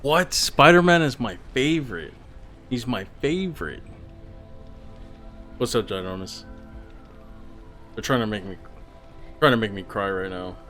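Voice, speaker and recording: A man's voice: mid-range voice, animated, measured pace, pauses often, fairly bright tone, soft background music. A male streamer giving casual live-stream commentary, chatty and swearing as he reacts to viewers.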